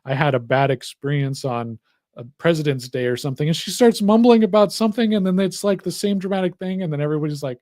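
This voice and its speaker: Young male co-host, slightly higher voice, acts out every quote. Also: fast talker, no room sound, clean studio sound. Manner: animated storyteller acting out quotes. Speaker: podcast co-host. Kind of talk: casual chat.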